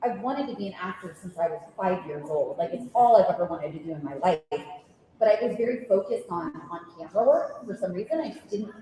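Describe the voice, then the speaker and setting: A woman's voice: lowish voice, animated, a little fast, dark tone. A tired woman voice actor speaks on a convention panel, chatty and rambling with many fillers. Her voice rings through a large hall with a long echo, and she sounds set back in the room. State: tired from little sleep. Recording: echoey hall from far off.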